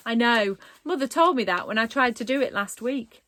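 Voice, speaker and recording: A woman reading a storybook aloud and voicing a timid, nervous male newsagent who frets in anxious rushes. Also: on the high side, expressive, fairly bright tone, dry recording, pitched above the performer's own voice. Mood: sheepish. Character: jittery, timid male newsagent, middle-aged.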